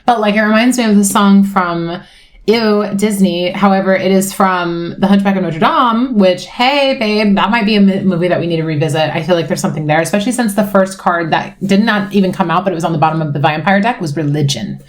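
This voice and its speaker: A young woman talks through a tarot reading in a loose, rambling way, full of "like" and "you know." Her mid-pitched voice turns tender and emotional, and she swears casually. She often drifts into asides mid-sentence. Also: fairly quick. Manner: rambling, emotional, swears freely, frequent "like" fillers. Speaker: tarot reader. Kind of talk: casual spiritual chat.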